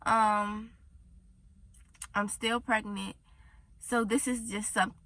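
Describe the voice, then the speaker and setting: A woman's voice: medium pitch, fairly even intonation, takes it slowly, sharp tone. A pregnant teenage girl telling a casual story-time vlog from inside a car, chatty and rambling, a little tired and down. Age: teens. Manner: chatty, rambling, says y'all often. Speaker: vlogger.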